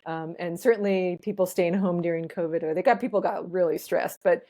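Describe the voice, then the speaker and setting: A woman's voice: fairly low pitch, steady tone, a little fast, mellow. A woman guest in a casual interview, explaining ideas thoughtfully and laughing lightly between points. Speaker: ethnobotanist guest.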